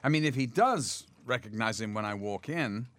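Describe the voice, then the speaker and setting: An older man telling stories from his career in a lively, laughing way, now and then jumping up into other people's voices. His pitch sits mid-range, and the sound is dry and close. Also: normal speed, dry recording. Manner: lively storyteller, mimics others with big pitch jumps, laughs often. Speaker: actor guest. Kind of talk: anecdotal interview talk.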